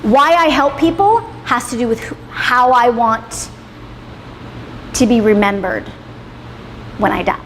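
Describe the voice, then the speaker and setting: With an unhurried, on-the-high-side voice, lively intonation and long pauses, a woman in her thirties runs a motivational class. She swears freely, speaks emphatically and ends her points with "right?". Recorded in a reverberant salon in a roomy hall, faint noise sits in the background.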